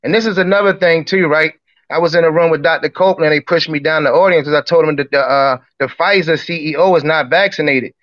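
A man's voice: fairly high pitch, fast, fairly bright tone. A man calling in to a live chat room, arguing in an emphatic, slangy, rambling way. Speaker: caller. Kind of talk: heated casual argument. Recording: dull lo-fi line.

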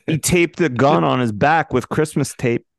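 Mid-pitched gravelly man, dry teasing podcast host, close dry mic. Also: normal speed, no room sound. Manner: dry, teasing one-liners. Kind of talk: casual movie chat.

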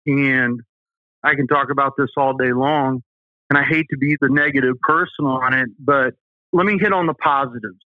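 A man's voice: medium pitch, normal speed, no room sound. A man with a Southern US accent, a safety company owner telling folksy, emphatic stories as an interview guest. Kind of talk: interview talk. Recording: tinny phone-like line.

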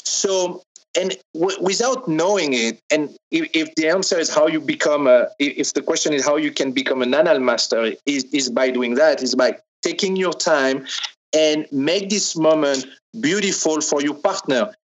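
A man's voice: on the high side, moderate pace, low-quality recording. A man with a French accent, a podcast guest explaining his topic in a hesitant way, often restarting and repeating words. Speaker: guest, sex toy maker. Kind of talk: casual podcast interview.

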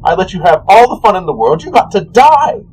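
A man's voice: high voice, big pitch swings, a little fast, a little mellow, voice pushed up, low-quality recording. A man voicing a male trickster god who complains in a whiny, wounded, theatrical way. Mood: aggrieved.

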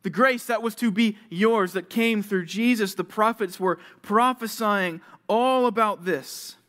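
A young man with a fairly high voice preaches to a junior high group. He tells stories and acts out little scenes as he goes, jumping from loud calls to near whispers. The style is a lively youth sermon. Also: unhurried. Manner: animated storytelling, acting out little scenes with swings from loud to hushed. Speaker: youth pastor.

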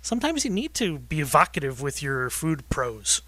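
A male food podcaster talks with real enthusiasm as a radio guest. His voice sits a bit high and bright, and the sound is close and dry. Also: big pitch swings, normal speed, dry recording. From Rochester, New York. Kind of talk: casual radio interview.

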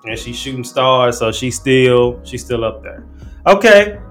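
A man's voice: medium pitch, lively intonation, a little slow, a bit bright, faint music behind. A man hosting a casual commentary show, talking in a laid-back, slangy way and often restarting his sentences. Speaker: host. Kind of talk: casual commentary breaking down rap lyrics.

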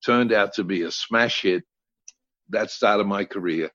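An older man telling blunt, salty anecdotes as a podcast guest. His voice sits on the low side. The audio is dry and somewhat dull, like a lo-fi remote recording. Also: measured pace, fairly bright tone, no echo. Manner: blunt, colorful storyteller who swears freely. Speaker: guest actor.

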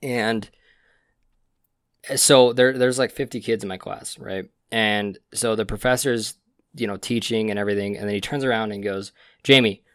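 A man's voice: fairly low pitch, steady tone, normal speed, clear, resonant tone, no echo, clean studio sound. A young man co-hosting a casual podcast chat, a rambling storyteller who laughs at his own stories, recorded on a podcast mic. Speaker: podcast co-host.

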